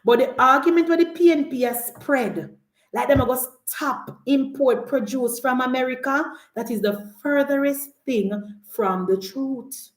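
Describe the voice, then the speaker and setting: Emphatic Jamaican woman, high, echoey. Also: a little slow. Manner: emphatic, repetitive, argumentative. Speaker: political commentator. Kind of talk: live political commentary show.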